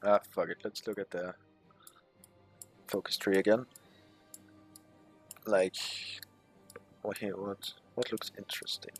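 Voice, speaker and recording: Brief: a low, husky male let's player who reads game text aloud and swears under his breath, with faint music behind. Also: flat delivery, slow, long pauses. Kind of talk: casual gameplay commentary.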